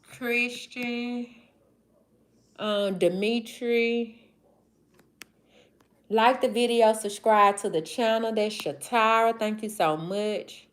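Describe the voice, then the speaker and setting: Slow-talking Southern woman in her forties. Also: fairly high pitch, steady tone. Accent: Mississippi Southern. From Southern United States. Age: 40s. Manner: drawling, slow, affectionate, shout-outs to viewers. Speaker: livestream host. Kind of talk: casual livestream chat reading comments.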